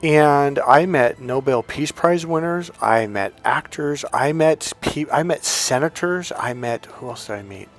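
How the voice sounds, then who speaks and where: A man, a life coach and energy healer, telling a story in an animated way and acting out what people said. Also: mid-range voice, a little slow, few pauses. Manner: animated, acts out quoted voices with laughs. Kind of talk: storytelling monologue.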